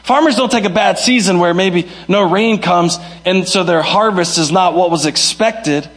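Man, pastor, sermon, high voice, animated delivery, quick swings from shouting to quiet. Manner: animated preaching with sudden high shouts and soft drops; acts out the voices of people he quotes.

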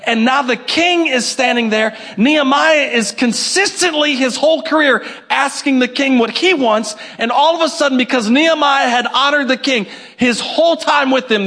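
Pastor guy, high-ish voice, fired-up sermon, acts out bits, calls for amens. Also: normal speed, hardly any pauses. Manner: animated preaching with call-and-response and acted asides.

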